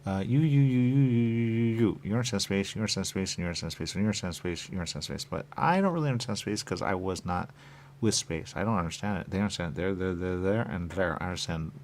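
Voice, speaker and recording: A man hosting a radio show, talking in a rambling, repetitive monologue with muttered asides and sudden loud bursts. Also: deep voice, fast talker, a little hiss or hum. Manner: repetitive, playful, muttering asides, wide swings in loudness. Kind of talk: rambling stream-of-consciousness monologue.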